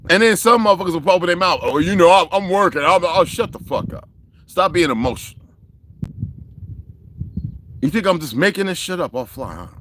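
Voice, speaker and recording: A man's voice: high voice, expressive, brisk, pauses often, sharp tone, a little hiss or hum. A man hosting a casual livestream, ranting at his viewers in a profane, confrontational way. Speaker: livestream host.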